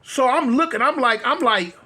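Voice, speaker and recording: A man spins a casual story with lots of fillers and restarts. His voice sits high and sounds bright and sharp, and he gets lively as he goes. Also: normal speed, husky. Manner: animated, rambling with many fillers and repeats.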